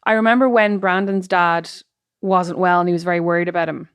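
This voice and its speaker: Fast-talking, low-pitched woman. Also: fairly even intonation, smooth, no room sound. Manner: quick, blunt, teasing. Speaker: podcast co-host. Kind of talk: casual chat.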